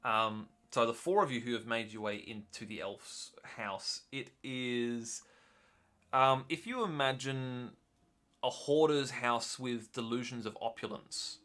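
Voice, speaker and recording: A man narrating as game master, relaxed and hesitant with many fillers. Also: mid-range voice, measured pace.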